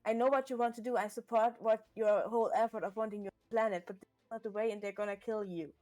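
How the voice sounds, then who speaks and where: A woman's voice: on the high side, steady tone, quick pace, a little mellow, soft background music. A woman playing in character at a tabletop game, talking bluntly and urgently with frequent swearing. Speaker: player.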